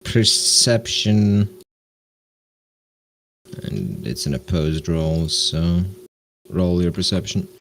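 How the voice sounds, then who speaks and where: A man's voice: low-pitched, big pitch swings, extremely slow, gravelly, long pauses, fairly bright tone, slight background noise, low-quality recording. A man acting as game master in a tabletop game, speaking with frequent hesitations. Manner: hesitant, with many fillers. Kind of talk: voicing characters in a tabletop game.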